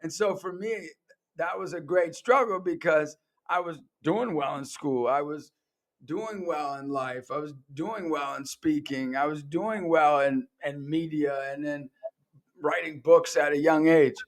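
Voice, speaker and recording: A man's voice: on the high side, measured pace. A man hosting a podcast, telling personal stories in an earnest, conversational way and acting out the voices of the people he quotes. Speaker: podcast host.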